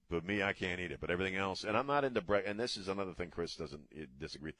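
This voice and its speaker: A man's voice: deep voice, animated, rapid-fire, few pauses, a bit bright. A middle-aged man hosting a radio talk show, ranting bluntly in a casual way and cursing freely.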